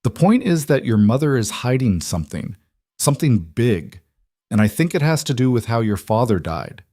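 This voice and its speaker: A man's voice: mid-range voice, sing-song, normal speed, mellow, dry recording, clean studio sound. A man voicing a defiant young bride in a cold manor, pressing with earnest questions.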